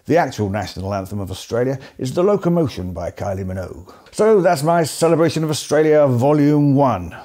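A man with an English accent delivers scripted comic narration in a dry, sardonic way. His voice is mellow and warm, with a medium pitch that sits in the middle of the male range. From England. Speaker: host.

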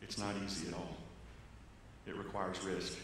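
A man, a pastor, preaching a sermon, earnest and varied, with loud stressed phrases that drop to quiet low ones. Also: little pitch movement, normal speed, a little hiss or hum. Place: church sanctuary. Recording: echoey church hall with long reverb.

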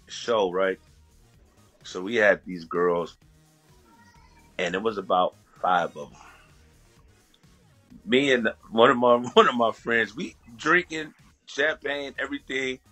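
Husky-voiced man telling stories. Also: fairly low pitch, a little slow, pauses often, faint music behind. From USA. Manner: profane, laughing, animated storytelling. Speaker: guest. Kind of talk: casual storytelling.

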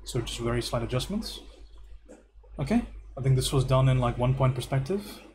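A man teaching art on a livestream, going through student homework and giving relaxed, encouraging feedback. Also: medium pitch, normal speed, slight background noise. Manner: relaxed and encouraging, thinks aloud with repeated praise.

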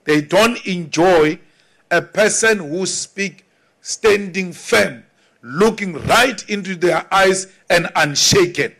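A South African man giving an emphatic political speech to an audience, repeating his points with deliberate force. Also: sits high, creaky, a bit bright, some chatter behind.

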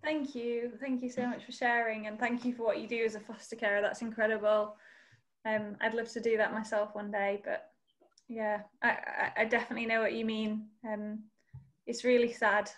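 Brief: earnest, encouraging woman presenter on a video call, high voice with a flat, steady delivery. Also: normal speed. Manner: earnest, encouraging, speaks of faith. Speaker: workshop presenter. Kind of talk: online conference Q&A.

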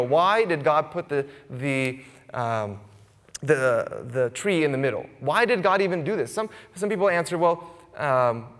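A man's voice: fairly high pitch, a bit bright, in a large hall. A man in his thirties preaching a conversational sermon, often turning to the congregation with "right?". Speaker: pastor. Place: church sanctuary.

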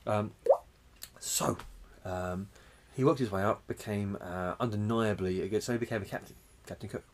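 A man's voice: on the low side, moderate pace. A man co-hosting a podcast, rambling through a story in casual chat and swearing freely. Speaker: podcast co-host.

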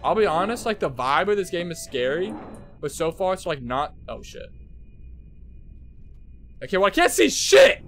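A young man streaming a horror game, jumpy and swearing, talking to his chat and shouting at those who laugh at him. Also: on the high side, expressive, normal speed, pauses often, faint music behind. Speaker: gaming streamer. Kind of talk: live horror game commentary. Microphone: headset.

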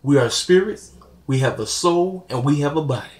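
A young man hosting his channel rants to viewers bluntly and preachily, dropping laughing asides along the way. He sounds animated, with a fairly high pitch and a moderate pace, and the audio carries a roomy echo.

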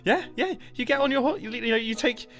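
A man's voice: extremely high pitch, animated, fast talker, a bit bright, faint music behind. A man casually bargaining with another player, amused and laughing as he haggles. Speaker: Minecraft player.

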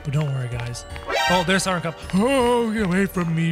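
A man doing excitable, jokey game commentary, yelping and shouting as he plays. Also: high-pitched, slow, over music. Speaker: gaming channel host. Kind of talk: game commentary, playing in character.

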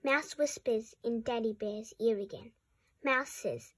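Give me a high, husky woman reading aloud. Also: unhurried, fairly bright tone. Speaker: storybook reader. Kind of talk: reading a picture book aloud.

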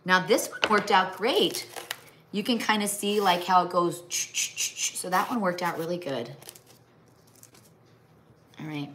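A woman's voice: lowish voice, takes it slowly, pauses often, a bit bright, slight background noise. A middle-aged woman from the American Midwest chatting casually on a livestream while she crafts, rambling and breaking off to talk to her pets. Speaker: livestream host. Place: home kitchen or craft table.

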